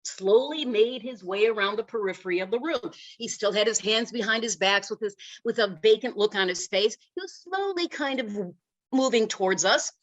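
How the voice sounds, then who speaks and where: A middle-aged woman giving a humorous storytelling speech in an animated, self-deprecating way. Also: mid-range voice, normal speed, highs cut off. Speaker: Toastmasters speaker.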